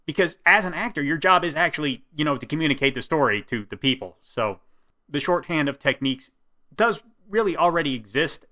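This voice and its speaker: A man with stage acting experience giving a calm, explanatory critique in a commentary video. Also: medium pitch. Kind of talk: commentary vlog.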